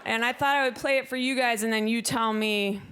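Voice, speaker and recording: A young woman doing stand-up on a club stage, her voice high and her delivery dry. She keeps jumping into shrill, loud put-on voices, and the live recording has clear noise underneath. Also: steady tone, a little fast. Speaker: stand-up comedian. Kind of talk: stand-up comedy set. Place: comedy club stage with a laughing audience.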